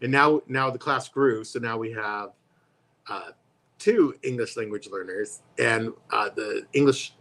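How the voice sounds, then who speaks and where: A man's voice: medium pitch, fairly bright tone. Co-host, male, conversational storyteller who jumps into voiced quotes. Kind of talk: casual chat. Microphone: live stream.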